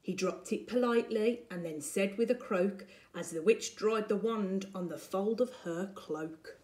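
Reading aloud from a picture book for children, a woman primary school teacher brings animated expression to a remote lesson video recorded at home. Her voice is mid-range and her pace a little slow.

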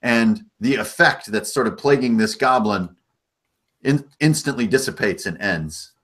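A man's voice: mid-range voice, unhurried, a bit bright. A man narrating a tabletop game as game master, easygoing and loose.

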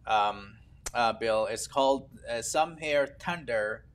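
A man hosting a TV interview, asking halting questions with plenty of enthusiasm. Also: medium pitch, fairly bright tone. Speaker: TV interview host.

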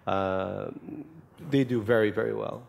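A man's voice: lowish voice, fairly even intonation, measured pace, creaky, slight background noise. A man in his forties, from Russia, answering audience questions at a festival talk with wry, self-mocking humor. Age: 40s. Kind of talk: live festival Q&A, joking.

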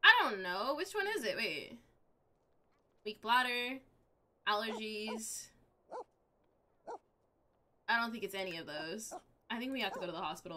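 A bright-voiced young woman with a fairly high pitch, chatting to her stream audience as she plays. She reacts aloud and excitably, and faint background noise and mouse clicks sit under her voice. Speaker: game streamer. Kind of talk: live-stream gameplay chat with viewers.

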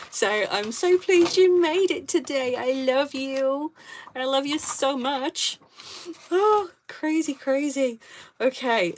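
A woman's voice: mid-range voice, slight background noise. Chatty southern English woman crafting live. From south of England, London. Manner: chatty and rambling, laughs often. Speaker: craft live-stream host. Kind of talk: casual chat while crafting.

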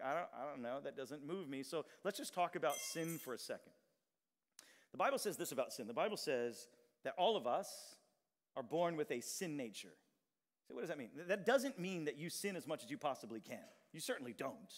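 A man pastor preaching an energetic sermon, drawing out key lines and getting the congregation to respond. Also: high-pitched. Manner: animated preaching, shouts and drawn-out emphatic lines, audience call-and-response. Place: large church hall with long reverb. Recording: reverberant church hall.

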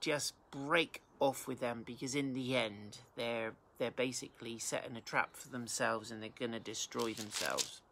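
Bright, gravelly-voiced male pastor teaching. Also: mid-range voice, normal speed, few pauses, a little hiss or hum. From England. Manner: reads scripture aloud then explains it plainly. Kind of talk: informal Bible teaching.

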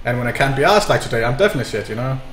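A man's voice: mid-range voice, expressive, very fast, fairly bright tone, roomy sound, slight background noise. A man giving casual, sarcastic commentary while streaming a sim racing game, swearing and mocking himself.

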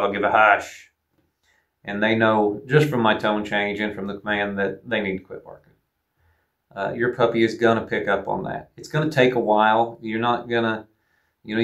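A man who trains hounds, giving plain-spoken, laid-back advice and repeating his phrases as he explains. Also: lowish voice. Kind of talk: casual instructional talk.

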